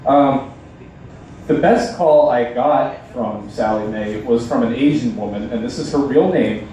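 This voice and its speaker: Deadpan man at a bar open mic. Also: medium pitch, a little hiss or hum. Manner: halting, deadpan delivery with many ums. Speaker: stand-up comedian. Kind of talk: open mic stand-up set. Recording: echoey bar sound from a distance.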